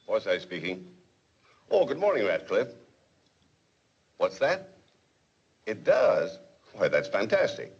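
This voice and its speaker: An actor playing a cautious, businesslike school board official in a 1940s film comedy, speaking in a measured, official way. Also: male voice, on the low side, huge pitch swings, exaggerated voice. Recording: muffled 1940s film soundtrack with hiss.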